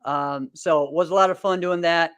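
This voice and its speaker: A man in his thirties with a smooth, clear, fairly high voice talks casually on a podcast. He rambles cheerfully, laughs often, and fills gaps with plenty of "um"s. The sound is dry and close, with no room echo. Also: steady tone, normal speed, fairly bright tone. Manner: rambling, upbeat, laughs often, many fillers. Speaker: podcast host and martial arts competitor. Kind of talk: casual chat.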